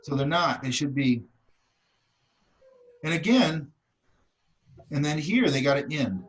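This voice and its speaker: A middle-aged art instructor gives blunt, casual critique, checking in with students often and repeating "okay" and "does that make sense." His slightly high voice has lively intonation and a slow pace, captured in a muffled recording.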